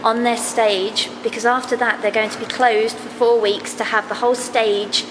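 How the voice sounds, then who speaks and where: A woman's voice: fairly high pitch, little pitch movement, moderate pace. Jokey lady at a launch event, bubbly, echoey big room, lots of noise behind. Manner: bubbly, jokey, laughs often. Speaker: reporter at a press launch. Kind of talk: playful casual reporting. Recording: echoey hall with loud background.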